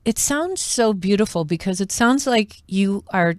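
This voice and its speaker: This is a woman hosting an interview, asking questions and reacting to each answer. Her voice has a middle pitch and a conversational tone. The recording is dry, with no room sound. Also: animated, measured pace, a little mellow, no echo. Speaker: talk show host. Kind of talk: casual interview chat.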